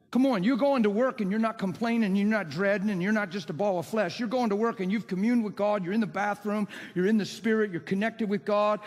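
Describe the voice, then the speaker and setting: A man preaching a sermon with emphatic, impassioned delivery and rhetorical questions. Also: high voice. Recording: long hall reverb.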